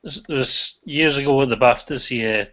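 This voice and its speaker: A man's voice: mid-range voice, moderate pace, a bit bright, lo-fi sound. A man co-hosting a casual group video-call chat, easygoing and keen to keep things on topic. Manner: tries to steer the chat back on topic, easygoing.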